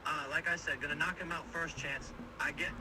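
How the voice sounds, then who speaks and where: A man's voice: a little high, steady tone, fairly quick. An AI voice clone of a cocky young male boxer, boasting in casual slang, played from a phone speaker. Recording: distant, noisy phone playback.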